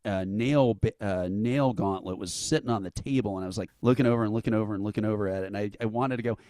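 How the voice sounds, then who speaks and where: With a fairly low voice and quick delivery, free of echo, an event's founder shares a long story as an interview guest. He's a lively, casual storyteller who performs the quotes of the people involved and laughs through them.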